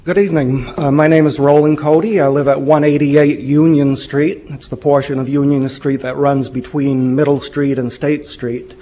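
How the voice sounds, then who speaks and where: A man, a local resident, making a measured, plain-spoken complaint during public comment at a city council meeting. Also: fairly high pitch, fairly even intonation, dark tone.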